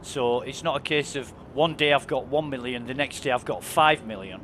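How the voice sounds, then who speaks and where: A man's voice: mid-range voice, normal speed, background noise. A man chatting casually and enthusiastically while streaming a game, swearing freely. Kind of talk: casual chat while gaming.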